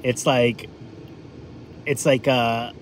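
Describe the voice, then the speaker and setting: A man's voice: medium pitch, steady tone, drawn-out words, slight background noise. Chatty New man on a livestream. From New England. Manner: rambling, chatty, lots of fillers. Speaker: livestream food vlogger. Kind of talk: casual live-stream chat.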